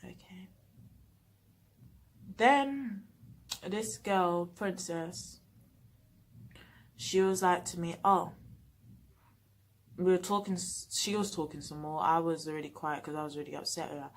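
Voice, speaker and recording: A young woman telling a storytime vlog in an animated, emphatic way, acting out the quoted dialogue. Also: on the low side, a little slow, long pauses, a little hiss or hum. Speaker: vlogger.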